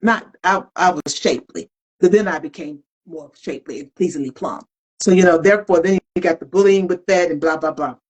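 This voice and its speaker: A woman's voice: fairly low pitch, brisk, poor audio. A middle-aged woman co-hosting a podcast, talking candidly and colloquially, reflecting openly in casual chat. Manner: animated, colloquial, self-reflective. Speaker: podcast co-host. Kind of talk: candid conversational talk.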